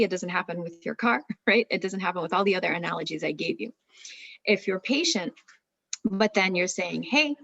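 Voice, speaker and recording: A woman's voice: medium pitch, dry recording, muffled recording. A woman therapist giving an earnest talk on marriage, explaining with many rhetorical questions.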